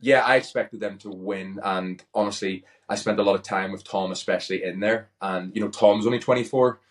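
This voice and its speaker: A Northern Irish man chatting easily as an interview guest, relaxed and full of casual fillers. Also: on the low side, brisk. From Northern Ireland. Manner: easygoing, chatty, frequent "like" fillers. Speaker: guest, pro wrestler.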